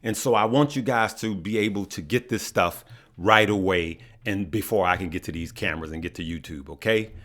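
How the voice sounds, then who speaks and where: A man's voice: on the low side, pushed and bright. A man hosting a stock market channel, talking straight to his viewers in an earnest, passionate way and often tagging his points with "okay?". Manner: earnest, passionate, repeats himself and adds "okay?". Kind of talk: casual direct-to-camera talk.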